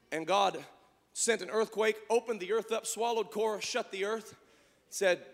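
A man preaching a sermon in a church, swinging from loud shouts down to hushed, quiet lines. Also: high-pitched, normal speed, gravelly, big-room sound. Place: church sanctuary.

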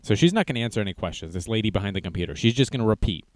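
A man's voice: lowish voice, big pitch swings, racing, heavy background noise. A man giving sarcastic, rambling casual commentary as he reacts to a video.

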